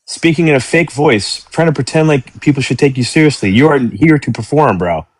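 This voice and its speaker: A man's voice: mid-range voice, fairly quick, husky, no echo. A man on the panel of a heated live debate, mocking and dismissive. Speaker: panel guest.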